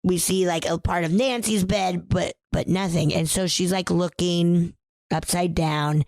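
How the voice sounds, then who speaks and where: A woman's voice: fairly low pitch, steady tone, unhurried, gravelly, a little mellow, dry recording. A woman co-hosting a podcast in casual chat, animatedly recapping a horror film, swearing and acting out the characters' lines. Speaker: podcast co-host.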